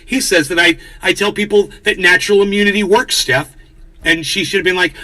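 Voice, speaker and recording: A man's voice: sits high, steady tone, fairly quick, sharp tone, rough recording. A man in a played clip, talking casually with a mocking, ranting tone.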